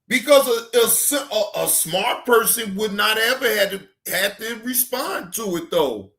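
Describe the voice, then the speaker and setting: High-voiced man ranting in an echoey room. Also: expressive, a little slow. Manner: heated, profane, often shouting. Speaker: reaction channel host. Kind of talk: ranting commentary.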